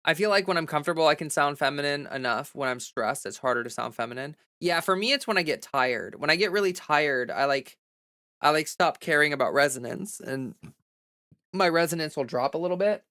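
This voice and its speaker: Woman streamer, bright forceful tone, chatty candid advice, dry close sound. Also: low voice, expressive, a little fast, dry recording. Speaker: livestreamer giving voice-training advice. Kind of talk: casual livestream chat.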